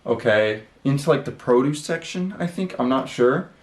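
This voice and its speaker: A man of middle pitch telling a story in a loose, rambling way, full of fillers and casual cursing. He is recorded in his own room, and the sound carries a noticeable roomy echo. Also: expressive, normal speed. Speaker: channel host.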